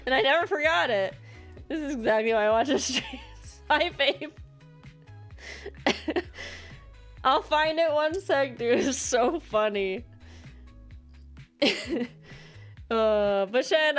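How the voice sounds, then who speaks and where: A woman's voice: high voice, animated, a little slow, pauses often, faint music behind. A woman streamer chatting casually with her viewers while she plays, rambling and laughing often. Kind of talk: casual gameplay chat.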